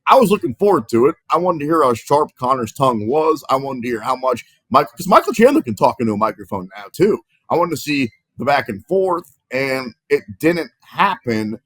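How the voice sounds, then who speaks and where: A man hosting a sports podcast, moving briskly from topic to topic. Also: mid-range voice, sing-song, a bit bright, no room sound. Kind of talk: casual sports talk.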